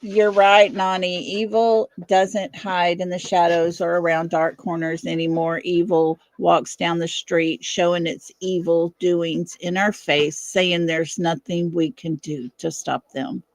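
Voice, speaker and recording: A woman in her fifties hosting a casual livestream from her home, chatting with viewers and breaking off to calm her dog. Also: lowish voice, a little slow, hardly any pauses, no room sound. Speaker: livestream host. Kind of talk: casual live chat with viewers. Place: home, indoors.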